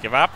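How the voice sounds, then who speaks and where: A man streaming a wrestling game, laughing nonstop and shouting profane trash talk at his opponent. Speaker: gaming streamer. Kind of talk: live gameplay banter.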